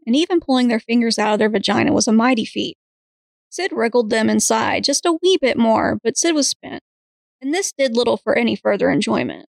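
A woman podcast co-host reading an erotic story aloud in a steady voice. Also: on the high side, creaky, no room sound, low-quality recording. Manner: steady reading, breaks into laughs.

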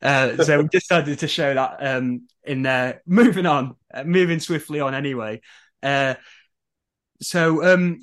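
A man hosting a podcast in a mid-pitched voice. He keeps the chat light and jokey, peppering his questions with ums and uhs as he steers the interview along. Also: measured pace, a bit bright. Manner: chatty, jokey, hesitant fillers. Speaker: podcast host.

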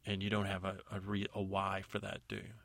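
A man's voice: low-pitched, monotone, brisk, vocal fry, fairly bright tone, no room sound, full character voice. A man voicing a blunt, suspicious stepmother who questions curtly. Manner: curt, demanding.

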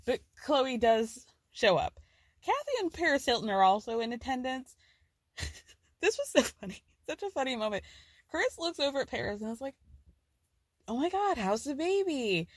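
A woman with a fairly high voice hosts a casual recap podcast. She talks in a chatty, profane way and laughs often. The sound is dry and close, with no room in it. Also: sing-song, moderate pace, no echo. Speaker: podcast host. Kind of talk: casual pop culture recap.

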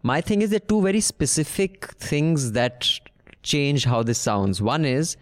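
A man's voice: on the high side, lively intonation, measured pace. Man co-hosting a chatty podcast. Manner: opinionated, talks over his co-host. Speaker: podcast co-host. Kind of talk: casual chat.

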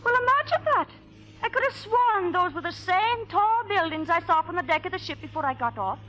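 An actress playing a naive young Irish immigrant woman in a 1950s radio drama, with a gentle, lilting Irish accent and old-fashioned phrasing. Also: very high-pitched, lively intonation, fast talker, low-quality recording.

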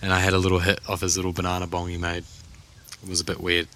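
Young aussie guy co-hosting a podcast, low voice but bright edge, chill and slangy. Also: completely flat delivery, fast. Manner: laid-back, slangy, swears freely. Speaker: podcast co-host. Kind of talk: casual chat.

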